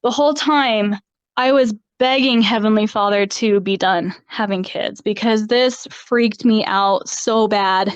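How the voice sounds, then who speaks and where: A woman's voice: mid-range voice, measured pace, clear, resonant tone, no echo. Candid woman telling her birth story. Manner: candid, laughs often between phrases. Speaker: podcast guest. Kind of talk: personal story in an interview. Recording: slightly dull dry sound.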